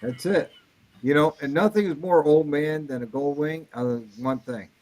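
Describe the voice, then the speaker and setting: Man, higher pitch, wry teasing banter. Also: normal speed, darkish tone, rough recording. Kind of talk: casual group chat.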